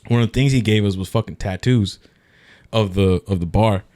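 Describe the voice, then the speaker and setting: A man's voice: lowish voice, fairly quick, warm tone. A young man on a podcast, telling a wild story in slangy, swear-filled casual chat. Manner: slangy, swears freely, acts out quotes in other voices. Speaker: podcast guest.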